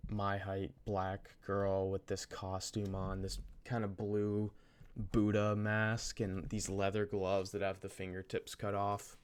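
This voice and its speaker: Low-voiced young man telling a story. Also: darkish tone, smooth. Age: young adult. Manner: rambling, with many restarts and slang. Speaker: vlogger. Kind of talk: casual storytime.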